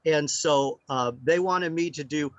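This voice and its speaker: A man telling a casual story as a guest speaker on sound healing. He talks in animated anecdotes with many fillers. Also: a little high, measured pace, dry recording. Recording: dry, slightly muffled lo-fi audio.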